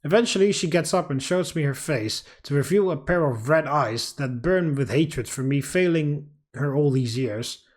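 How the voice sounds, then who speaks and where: A man hosting a game playthrough, reading the story aloud in a steady, dramatic way with casual asides. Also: on the high side, moderate pace, few pauses. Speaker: let's play host. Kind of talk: reading a visual novel aloud.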